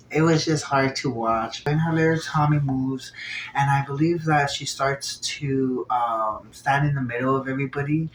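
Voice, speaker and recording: Chatty man in a roomy echo. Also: medium pitch. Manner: chatty, animated, slips into hushed quoted asides. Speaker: show reviewer. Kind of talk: casual video review. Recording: roomy echo, faint background noise.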